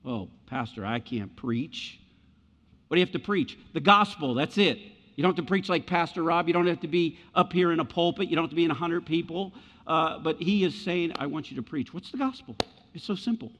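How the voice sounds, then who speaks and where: A man's voice: fairly high pitch, quick pace, fairly bright tone. Man preaching in a reverberant hall. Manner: conversational preaching, acts out voices of doubters and Jesus. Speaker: pastor. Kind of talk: sermon. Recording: muffled sound with long hall reverb.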